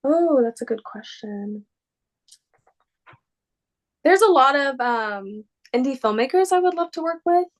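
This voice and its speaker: A woman with a somewhat high voice talks as an actress guest in an interview. She rambles and gushes, searching for words with plenty of fillers. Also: animated, a little slow, long pauses. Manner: rambling, filler-heavy, gushing and upbeat. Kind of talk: casual interview answers.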